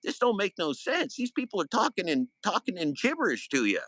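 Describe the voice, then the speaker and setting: A man's voice: sits high, wildly swooping pitch, brisk, a bit bright, no echo, poor audio. A man hosting a livestream, ranting in anger and confronting someone with swearing and loose dialect grammar. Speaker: livestream host. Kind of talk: heated livestream rant.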